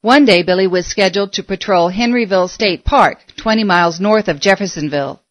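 A woman narrating a story in a steady, measured reading voice. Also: medium pitch, dry recording, lo-fi sound.

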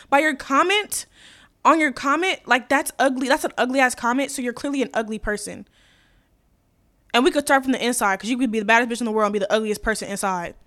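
A young woman with a high voice hosts a podcast, ranting bluntly, profanely and sassily in casual chat. Her volume swings between loud and quiet.

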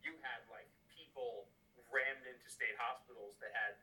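A man's voice: mid-range voice, steady tone, normal speed, far from the mic, a loud crowd, low-quality recording. A man co-hosting a podcast as its researcher, talking in a loose, rambling way full of swearing and filler words. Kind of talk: casual chat.

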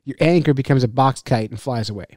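A man co-hosting a fishing podcast, a laughing, animated storyteller in casual chat. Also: mid-range voice, fast talker, no room sound, studio quality. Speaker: podcast co-host and fishing guide.

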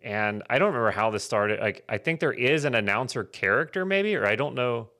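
A man's voice: mid-range voice, expressive, brisk, pushed and bright. A man co-hosting a comedy podcast, chatting casually in a rambling, self-mocking way and swearing freely. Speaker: podcast co-host.

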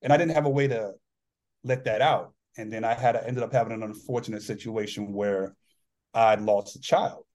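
A man's voice: lowish voice, steady tone, normal speed, a little mellow. Earnest man telling his story. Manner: earnest, reflective, acts out dialogue in his stories. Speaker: podcast guest, author and former athlete. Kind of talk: candid personal storytelling.

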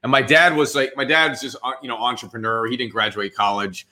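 A man in his forties with a New Jersey accent tells his story as an interview guest. His voice is bright and forceful, and he jumps into the voices of the people he quotes. He talks loosely, with plenty of "dude" and "man.". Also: medium pitch, fairly quick. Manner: animated, acts out quoted dialogue, says "dude" and "man". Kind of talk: casual storytelling.

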